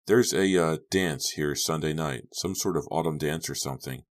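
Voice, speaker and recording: A man reads an earnest, awkward teenage boy who answers a little louder than the narration around him. The voice stays extremely deep, with a dry edge of sarcasm. It is a storybook figure. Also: normal speed.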